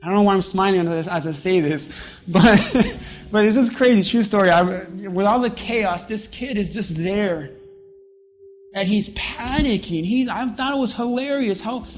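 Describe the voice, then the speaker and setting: A pastor preaching a sermon with emphasis, slowing down to stress key words. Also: mid-range voice.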